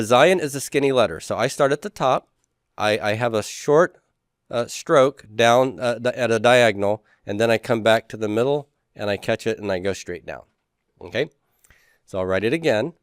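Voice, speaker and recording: A man's voice: mid-range voice, dry recording, clean studio sound. A man teaching a class, talking casually and repeating letter names for students to say back. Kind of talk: classroom lecture.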